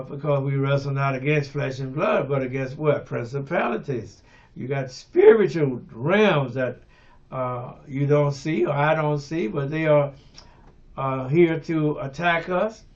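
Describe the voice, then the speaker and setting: An older man preaching a radio sermon, unhurried, with many fillers and restarts, and rising to fervent emphasis on key words. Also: on the high side, lo-fi sound. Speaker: pastor.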